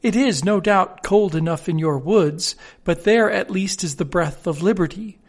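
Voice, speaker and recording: A man's voice: high-pitched, normal speed. A man voicing a homesick canary bird that speaks in a dreamy, poetic, yearning way. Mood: urging.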